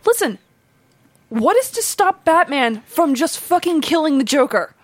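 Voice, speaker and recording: A high-pitched woman co-hosting a podcast, pressing her point emphatically and with some swearing. Her voice sits close to the mic in a dry, dead-sounding recording. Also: sing-song, measured pace, no echo. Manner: emphatic, heated about the topic, swears. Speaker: podcast co-host. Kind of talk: casual podcast chat.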